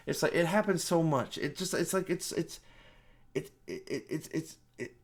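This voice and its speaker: A man ranting through a spoiler movie review, exasperated, profane and rambling. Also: mid-range voice.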